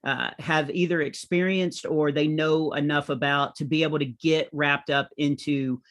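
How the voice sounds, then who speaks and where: Middle-aged male comedian, lively anecdotal delivery, slightly high-pitched voice. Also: normal speed. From United States. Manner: animated anecdotal storytelling. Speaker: comedian and author guest. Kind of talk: conversational interview.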